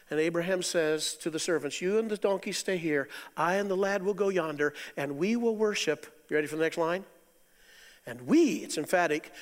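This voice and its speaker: Middle-aged male preacher, high-voiced, animated, loud bursts and soft asides, long hall reverb. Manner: animated, swings from loud exclamations to quiet asides, chuckles. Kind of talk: sermon.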